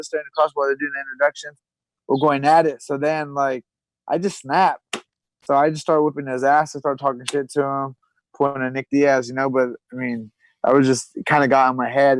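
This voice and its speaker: A man in his thirties chatting as a podcast guest, spinning stories in a loose, rambling way with plenty of restarts. His voice sits at an ordinary middle pitch, and the sound is dry and close with almost no room around it. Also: dry recording, poor audio. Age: 30s. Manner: rambling storyteller, trailing fillers and restarts. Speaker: podcast guest, retired pro fighter. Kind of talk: casual chat.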